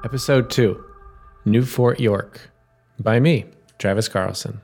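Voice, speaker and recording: A man giving a measured, dramatic reading as the narrator of his own audio adventure story, in a noisy home recording. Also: lowish voice, gravelly, music in the background. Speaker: storyteller and writer.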